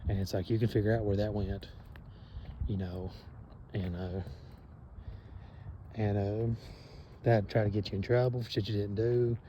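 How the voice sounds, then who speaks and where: Man, low voice, dark tone, meandering, profane, filler-heavy. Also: level tone, lo-fi sound, a little hiss or hum. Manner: meandering, profane, many fillers and trailing pauses. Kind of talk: rambling monologue.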